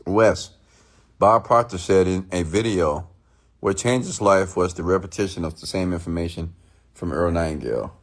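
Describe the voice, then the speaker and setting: Speaking at a moderate pace in a low voice, the host of a live stream lectures his viewers in a blunt, preachy rant. He often asks "okay?" and reads out what they comment.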